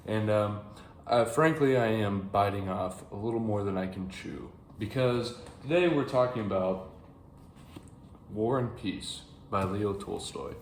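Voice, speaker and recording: A young American man giving a rambling, casual book review to camera, with many fillers and restarts. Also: fairly low pitch. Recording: echoey room, faint background hiss.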